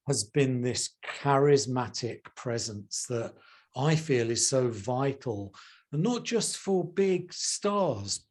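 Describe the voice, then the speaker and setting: A middle-aged man, speaking at an ordinary mid pitch. He talks as a guest in a relaxed interview over a video call, with theatrical stresses on key words. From England. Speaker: guest, charisma coach. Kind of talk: casual interview chat. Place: home room, video call.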